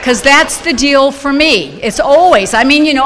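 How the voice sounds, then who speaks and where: A woman in her fifties from Southern California, sharing a wry, lively personal story with a support group meeting. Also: high-pitched, moderate pace, hardly any pauses. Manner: lively, wry, acts out her own reactions. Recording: long hall reverb, faint noise.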